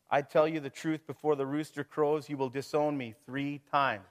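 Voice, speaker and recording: A man's voice: a little high, steady tone, moderate pace, few pauses. Man, middle-aged, pastor, conversational sermon, rhetorical questions, chuckles.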